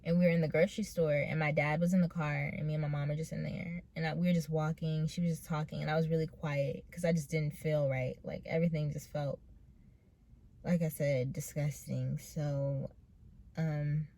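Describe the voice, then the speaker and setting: Low-voiced young woman, hesitant. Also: flat delivery, dark tone. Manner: hesitant, full of pauses and "like" fillers; earnest and emotional, close to tears. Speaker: vlogger telling her own story. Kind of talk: personal storytelling.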